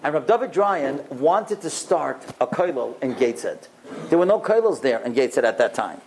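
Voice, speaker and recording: A man who is a rabbi and mohel, telling stories to a group in an animated way and acting out the dialogue himself. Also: fairly high pitch, brisk, a little hiss or hum. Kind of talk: storytelling talk.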